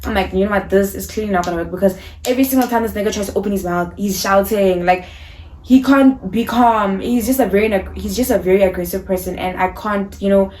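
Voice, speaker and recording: A young South African woman chats straight to camera, lively and slangy as she tells a personal story. Her voice sits in an ordinary middle register, and she slips quickly into acting out what people said. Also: medium pitch. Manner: animated, acts out dialogue, slangy. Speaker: YouTuber. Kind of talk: casual storytime vlog.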